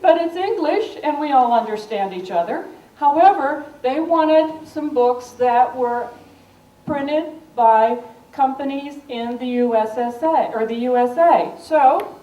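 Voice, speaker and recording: High-voiced older American woman telling a story. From United States. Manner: lively storyteller acting out quoted dialogue. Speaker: guest speaker. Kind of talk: storytelling talk to students. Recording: echoey room from a distance.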